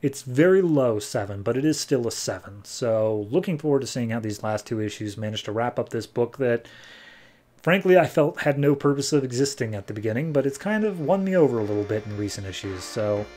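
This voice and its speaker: A man with an average-pitched voice hosts a podcast and casually recaps comic book issues. He tells the stories animatedly and jumps into quick voices for the characters as he goes. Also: lively intonation, a little mellow. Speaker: podcast host.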